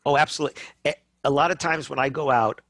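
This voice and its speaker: A middle-aged man in easy podcast conversation, spinning sales stories with lots of energy and acting out the customers he describes. He keeps checking in with a quick "right?". The sound is close and dry. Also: medium pitch, no echo. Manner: animated storytelling, acts out customers, frequent "right?" tags. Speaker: guest speaker on wedding business.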